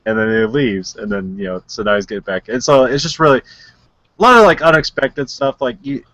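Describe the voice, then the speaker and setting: A man's voice: medium pitch, normal speed, fairly bright tone, no room sound. A man co-hosting a podcast, retelling a movie in casual chat, rambling with lots of filler words and frequent laughs. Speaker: podcast co-host.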